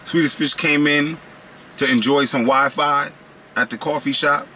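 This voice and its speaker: A man's voice: on the high side, steady tone, measured pace, pushed and bright, a little hiss or hum. Slangy, playful snack-review guy. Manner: slangy, playful, riffs and rambles. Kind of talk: casual snack review vlog.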